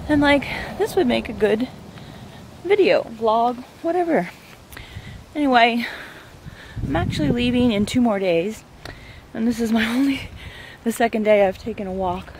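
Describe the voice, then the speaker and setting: A woman's voice: on the high side, darkish tone, a little hiss or hum. Chatty woman vlogging on a walk. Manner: chatty, rambling, easily awed. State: slightly out of breath from walking uphill. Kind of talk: casual walk-and-talk vlog. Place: outdoors on a neighborhood trail. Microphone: handheld camera, at times turned away.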